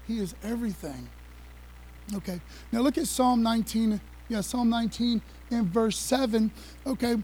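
A male preacher giving an excited, conversational sermon, talking fast with laughs and casual asides. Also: very high voice, poor audio. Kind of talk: energetic sermon with slides.

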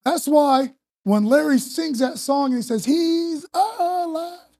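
A woman's voice: high voice, normal speed, creaky, mellow, no echo. A woman preaching a sermon in a conversational, slangy and emphatic way.

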